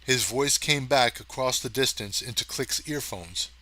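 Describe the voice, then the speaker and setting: A man reading a science fiction story aloud as narrator, steady and even. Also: medium pitch, measured pace. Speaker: audiobook reader. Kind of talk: scripted narration.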